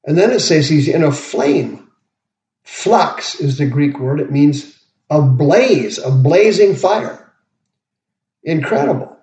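A man preaching a verse-by-verse sermon, slowly explaining each word as he goes. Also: fairly high pitch, dark tone. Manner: slow, deliberate, pauses to explain words. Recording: roomy, dull lo-fi podcast audio.

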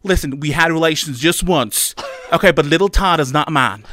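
A man playing a gossipy Deep South newsreader with a put-on Southern US accent, in a radio studio. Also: normal speed, bright, forceful tone. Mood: mock-serious.

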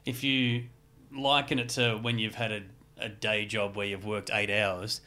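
A man co-hosting a podcast, trading quick wry quips and asides in casual chat. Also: lowish voice, level tone, bright, forceful tone. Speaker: podcast co-host. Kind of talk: casual banter.

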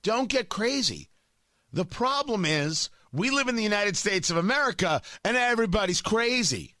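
A man's voice: sits high, lively intonation, normal speed, pushed and bright, no room sound. A middle-aged man hosting a talk radio show, giving a brash, emphatic monologue with joking asides into a studio microphone.

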